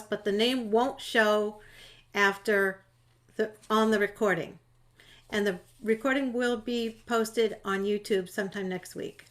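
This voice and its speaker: A woman moderating a panel discussion over a video call, chatty and friendly, with fillers and restarts. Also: a little high.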